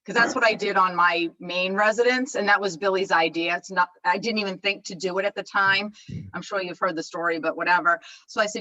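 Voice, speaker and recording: A woman's voice: medium pitch, steady tone, fairly quick, pushed and bright, lo-fi sound. A woman taking part in a training call, chatting casually and sharing her own experience. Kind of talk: casual chat.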